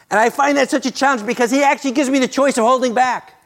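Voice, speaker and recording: Gravelly man preaching with earnest fervor. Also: extremely high pitch, quick pace, few pauses. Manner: earnest, repeats words and restarts, rises to loud excitement. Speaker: pastor. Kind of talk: sermon.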